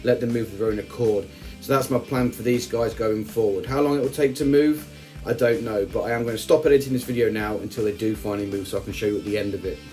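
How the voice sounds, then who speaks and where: Man, low-ish voice, casual joking voice-over, faint music behind. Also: steady tone, fast, a little mellow. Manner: chatty and joking, with frequent asides. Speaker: ant-keeping channel host.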